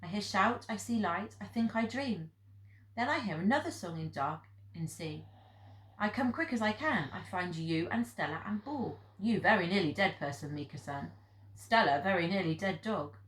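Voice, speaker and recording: A woman's voice: mid-range voice, lively intonation, moderate pace, a bit bright, natural voice. A woman reading the part of an old Japanese hermit man who speaks in blunt, clipped broken English, recorded in an echoey room. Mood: intense.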